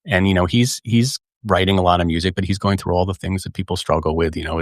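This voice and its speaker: Fast-talking deep-voiced middle-aged man. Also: dry recording, studio quality. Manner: earnest, many fillers and restarts, animated asides. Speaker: podcast host. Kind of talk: casual conversation.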